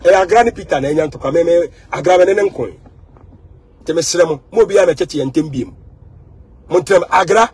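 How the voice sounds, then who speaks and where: A Ghanaian man giving an animated, emphatic monologue, repeating words and mixing in English phrases. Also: on the high side, fairly quick, long pauses, husky. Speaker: social media commentator.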